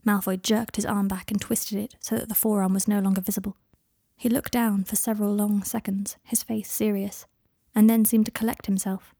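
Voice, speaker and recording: A woman reading fan fiction aloud in a calm, even narrating voice. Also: mid-range voice, moderate pace, slightly rough, no echo, clean studio sound. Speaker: reader.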